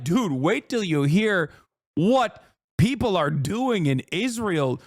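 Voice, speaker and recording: Male streamer, heated profane ranter, higher-pitched voice, dry close sound. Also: sing-song, takes it slowly, no echo. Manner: profane, heated ranting with sarcastic mockery. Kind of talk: live stream commentary.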